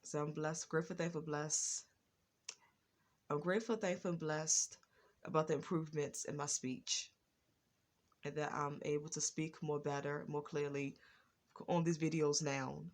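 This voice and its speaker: A woman vlogger talking slowly and carefully in a casual personal monologue, with a stutter and a lot of repetition. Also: low voice, flat delivery.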